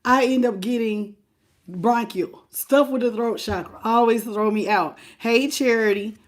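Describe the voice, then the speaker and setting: Hoarse, slow-talking woman tarot streamer. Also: fairly high pitch, background noise. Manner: warm and familiar, calling viewers baby and boo; unhurried and chatty, laughing often. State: hoarse from laryngitis. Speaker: tarot reader hosting a live stream. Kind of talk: casual live-stream chat greeting viewers.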